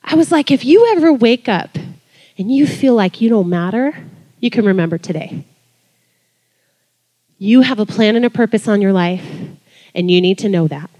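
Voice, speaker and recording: A woman in her forties, a worship leader, telling a lively story in a sermon, her voice jumping high when excited. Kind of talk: sermon testimony.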